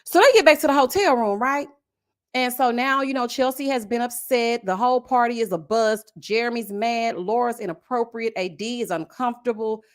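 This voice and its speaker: A woman's voice: a little high, moderate pace. A woman hosting a casual reality show recap livestream, chatty and sassy, reading viewer comments aloud. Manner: acts out the cast's lines in exaggerated whiny voices.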